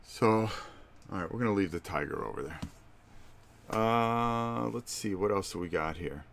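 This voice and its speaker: A man's voice: lowish voice, unhurried, creaky, a bit bright, slight background noise. A middle-aged man hosting a live stream, chatting casually and speaking directly to his viewers.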